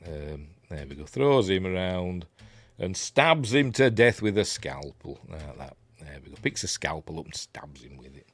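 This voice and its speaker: A middle-aged man from Yorkshire, England, with a Yorkshire accent, hosts a film review, talking casually through a film scene by scene over the footage. His deep, very animated voice moves at a moderate pace, full of ums and dry, wry jokes.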